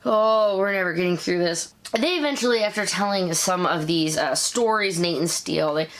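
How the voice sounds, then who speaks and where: A woman in her thirties hosting a casual episode review, chatty and animated, with quick asides. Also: lowish voice. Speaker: show review host.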